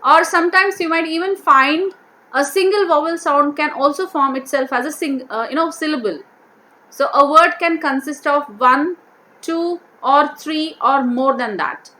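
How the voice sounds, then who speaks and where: A woman teacher going through a vocabulary worksheet, repeating each word and slowly sounding out its syllables. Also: high voice, bright, forceful tone, a little hiss or hum. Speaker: English teacher.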